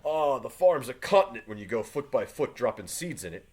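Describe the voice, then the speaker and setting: A man's voice: medium pitch, sing-song, a little fast, a little mellow, husky. A man reading an earnest, stubborn farmer. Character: John Proctor, earnest stubborn farmer husband. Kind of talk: reading play aloud to a class.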